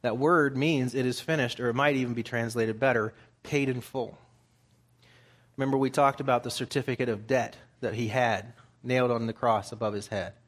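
A man preaching a sermon at a middle pitch. He reads scripture passages aloud, then explains them in plain, conversational terms. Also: steady tone, normal speed.

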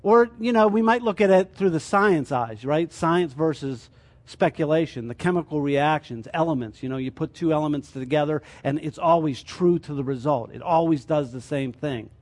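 A man's voice: on the high side, moderate pace, darkish tone. A man teaching a sermon as a church teacher, explaining his points through rhetorical questions.

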